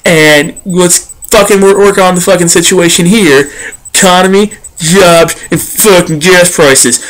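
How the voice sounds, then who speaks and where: A man's voice: sits high, measured pace, a bit bright. A man ranting bluntly and profanely as a vlogger. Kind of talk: ranting commentary.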